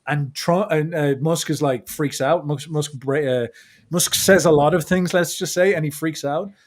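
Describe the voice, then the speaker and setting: A man talking as a podcast guest in a casual, animated way, acting out what other people said. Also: fairly high pitch, moderate pace. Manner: animated, acts out quotes of others. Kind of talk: casual conversational monologue.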